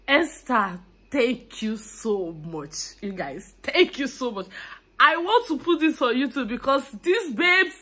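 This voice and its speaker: Chatty Nigerian woman vlogging, husky. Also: fairly high pitch, a bit bright. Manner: chatty, effusive and grateful. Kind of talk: casual vlog chat.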